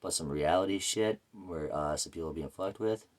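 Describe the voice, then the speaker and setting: A man's voice: low voice, normal speed. A man telling a rambling, profane story about his life in a casual, blunt way. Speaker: vlogger.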